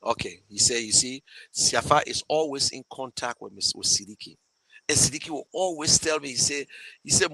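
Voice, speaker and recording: A man with a Liberian English accent talks casually to his viewers as host, in a bright, forceful voice. He is emotional and rambling, circling back and restarting often. The sound is close and dry, with no room around it. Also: fairly high pitch, moderate pace, no echo, poor audio. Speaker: show host fundraising for a campaign. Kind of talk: casual live talk to viewers.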